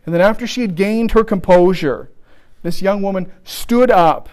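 A man preaching a sermon, telling a story with restarts and slowing down for emphasis. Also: high-pitched, darkish tone.

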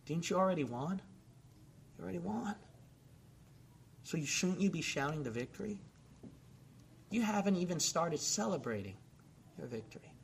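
A man's voice: fairly high pitch, expressive, moderate pace, creaky, pauses often, slight background noise. A man preaching a sermon and leading an altar call, exhorting his listeners with repeated calls. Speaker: pastor.

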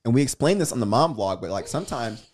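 A man's voice: medium pitch, animated, quick pace, darkish tone, husky. Young guy podcast cohost, voice swings up and down a lot, playful storytelling. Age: young adult. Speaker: podcast co-host. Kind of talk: casual chat.

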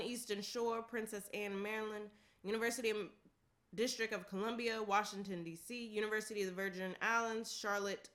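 Bright-voiced woman reading a list casually. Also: mid-range voice. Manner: reads steadily, laughs often, tosses in casual asides.

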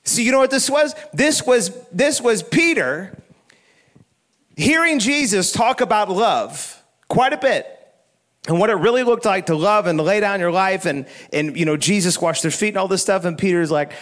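A middle-aged man preaching a sermon, his voice sitting a little higher than usual for a man. He talks in a loose, storytelling way, restarting phrases and chuckling as he goes. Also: animated, moderate pace, a bit bright. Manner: conversational storytelling with frequent laughs and restarts. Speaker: pastor.

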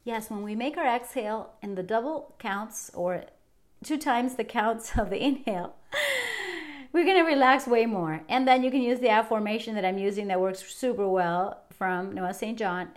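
A woman's voice: a little high, moderate pace. A middle-aged woman hosting a fitness podcast, talking casually and cheerfully straight to her listeners. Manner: chatty, upbeat, addresses listeners directly. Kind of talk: casual wellness talk.

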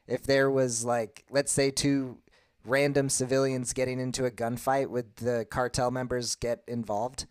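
Male co-host, curious and easygoing, mid pitch, dry recording. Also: measured pace, smooth, no echo. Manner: curious, asks questions, relaxed storytelling. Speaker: podcast co-host. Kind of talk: casual podcast chat.

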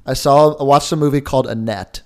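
A man's voice: medium pitch, brisk, darkish tone, clean tone. Young male co-host, casual and jokey, rambles through his points. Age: young adult. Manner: rambling, jokey, lots of filler words. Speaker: podcast co-host. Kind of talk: casual chat.

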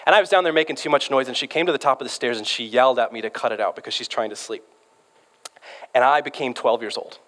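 A man's voice: mid-range voice, fast, a bit bright. A man in his thirties preaching a sermon in a conversational, storytelling way, often restarting his words. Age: 30s. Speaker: pastor. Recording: long hall reverb.

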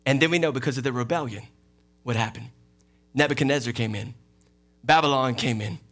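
A man preaching a sermon as pastor, lively and playful, acting out quoted voices and laughing often. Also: mid-range voice, brisk, faint music behind. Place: church sanctuary.

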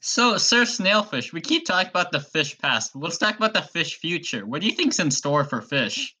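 A man on a comedy podcast asking the guest excitable questions. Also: fairly high pitch, normal speed, heavily acted. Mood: curious. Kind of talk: comedy podcast role-play.

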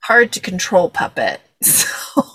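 A woman's voice: lowish voice, huge pitch swings, takes it slowly, pushed and bright, breathy edge, dry recording. A young woman hosting a podcast, chatting casually and laughing, with many fillers. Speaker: podcast host. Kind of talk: casual chat about a film.

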